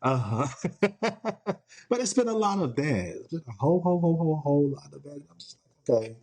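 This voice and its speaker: A man's voice: fairly high pitch, expressive, fairly quick, a little mellow. Playful man, solo podcast chat. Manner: playful, laughs often, quotes TV clips in put-on voices. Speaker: podcast host. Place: home.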